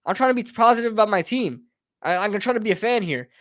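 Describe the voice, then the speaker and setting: Heated and quick, this fan rant comes from a man hosting a live sports talk stream in a high-pitched voice with lively intonation. He frequently addresses listeners as bro and brother, and the clean studio recording has no room sound.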